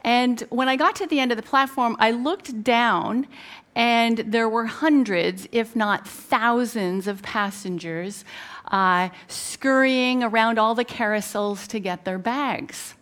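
A woman's voice: on the high side, takes it slowly, a bit bright. A middle-aged woman from Canada preaching a sermon, retelling a personal story with many fillers and emphatic turns.

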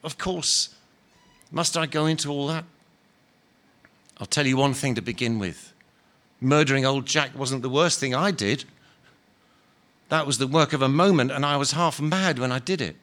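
A man reading aloud and voicing a patient, humble male spirit who talks softly and earnestly. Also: medium pitch, moderate pace, pauses often, natural voice. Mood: gentle. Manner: calm, soft, earnest and patient. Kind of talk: dramatic reading of a novel.

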